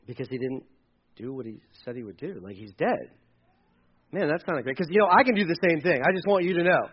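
Animated, high-voiced man preaching a sermon. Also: brisk, slightly rough, lo-fi sound. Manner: animated, acts out quotes with sudden loud bursts and quiet drops. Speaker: pastor. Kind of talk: casual sermon.

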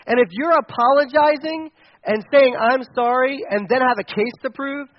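A man preaching a sermon, animated and asking the audience questions. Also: very high-pitched, normal speed, highs cut off. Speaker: pastor.

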